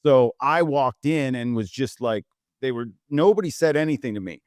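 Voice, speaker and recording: A middle-aged man tells stories in a relaxed interview, full of "like" and acted-out quotes. His voice sits at an ordinary pitch. The mic is close and dry, with no room sound. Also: moderate pace, smooth, no room sound. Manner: animated storyteller who acts out quotes with lots of "like". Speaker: guest photographer. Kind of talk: casual storytelling interview.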